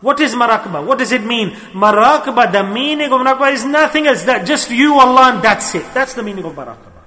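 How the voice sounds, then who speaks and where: A man's voice: extremely high pitch, expressive, fast, bright, forceful tone, in a large hall. A man teaching his Sufi students in an earnest sermon, repeating his key phrases.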